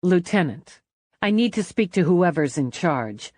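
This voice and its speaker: A hard-nosed female police lieutenant, read by a woman narrator, gives flat, direct, clipped answers. Her voice sits low and unhurried in a dry, close recording. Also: dry recording. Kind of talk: audiobook character voice.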